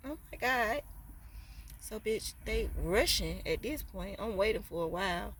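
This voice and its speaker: A woman telling a casual storytime vlog in slangy, profane talk that climbs into loud, indignant rants. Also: mid-range voice, lively intonation, normal speed, a little hiss or hum.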